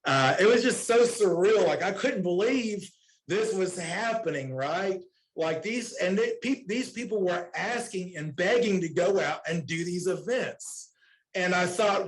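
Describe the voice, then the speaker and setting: A man's voice: high-pitched, lively intonation, unhurried, low-quality recording. A middle-aged man speaking at a conference, telling casual, earnest stories about his work in recovery and often repeating lines of dialogue. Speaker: recovery counselor speaking at a summit. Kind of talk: conference talk, personal storytelling.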